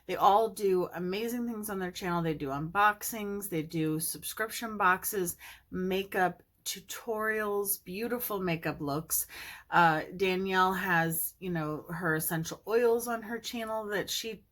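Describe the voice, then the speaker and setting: A bubbly woman hosting her beauty channel, chatting casually and with plenty of enthusiasm. Her voice sits at an ordinary middle pitch for a woman, and she gushes warmly about her friends. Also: unhurried. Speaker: beauty YouTuber. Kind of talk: casual makeup vlog chat.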